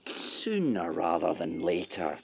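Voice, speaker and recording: An actor in a radio drama playing a guilt-ridden, self-mocking womanizer who swings between pleading and wry jokes, with a husky voice. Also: low voice, sing-song, takes it slowly, a little hiss or hum, heavily acted. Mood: evasive.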